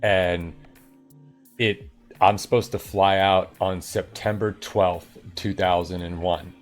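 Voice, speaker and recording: A middle-aged man from New York telling a story on a live stream, animated and acting out the people in it. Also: low voice, slow pace, soft background music. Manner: animated, acts out voices of people in his story, swears. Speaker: livestream host. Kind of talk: casual storytelling on a coding stream.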